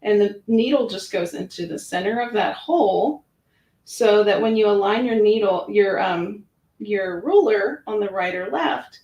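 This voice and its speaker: A woman's voice: mid-range voice, unhurried, a little mellow, lo-fi sound. A woman giving a chatty, hands-on demonstration of a sewing machine, narrating her own actions with lots of fillers. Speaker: product demonstrator. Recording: roomy echo.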